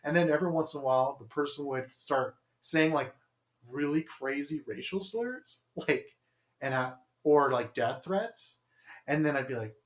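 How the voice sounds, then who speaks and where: A man's voice: medium pitch, unhurried. A young man co-hosting a podcast, telling stories in a rambling casual way, full of "like" and acted-out quotes. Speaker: podcast co-host. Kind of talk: casual chat. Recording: roomy echo.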